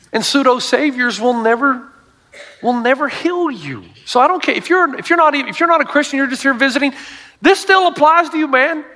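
A man's voice: very high-pitched, animated, a little fast, sharp tone, slight background noise. A middle-aged male pastor preaching a sermon to a congregation, telling stories with emphatic asides.

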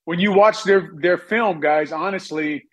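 A man who once played football, giving measured and blunt sports radio analysis with frequent "uh"s. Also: high voice.

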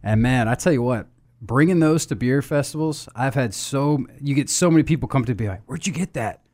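This beer podcast host talks a little fast in loose, casual conversation. He rambles with fillers and restarts, his voice jumping around in both pitch and loudness.

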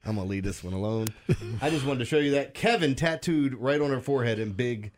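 A man's voice: mid-range voice, fast. A man co-hosting a morning sports radio show, telling odd news stories in an incredulous, laughing way. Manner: incredulous, laughing, animated storytelling. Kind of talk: casual morning radio banter.

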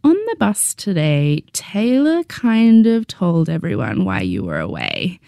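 A woman with an Australian accent voicing a hesitant teenage girl who speaks haltingly. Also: fairly high pitch, dark tone, dry recording, studio quality, pitched above the performer's own voice, lightly acted.

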